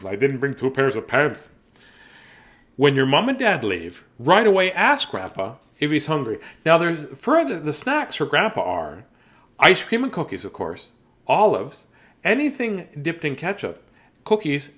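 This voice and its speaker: A man's voice: on the high side, huge pitch swings, a little slow, fairly bright tone. A man hosting a bedtime story reading, chatty and playful, laughing and riffing between pages. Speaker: host reading children's books aloud. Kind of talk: casual read-aloud storytelling.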